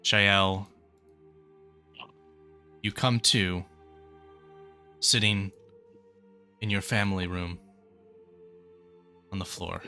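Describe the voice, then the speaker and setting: Slow, bright-toned game master narrating. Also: male voice, low-pitched, fairly even intonation, faint music behind. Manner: slow, measured storytelling.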